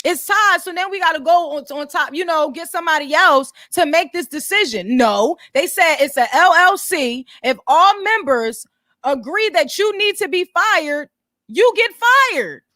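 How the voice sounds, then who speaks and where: Bright high-voiced blunt woman vlogger. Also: lively intonation, normal speed, dry recording, studio quality. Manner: blunt, profane, explains business details to viewers. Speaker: commentary channel host. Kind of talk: casual commentary vlog.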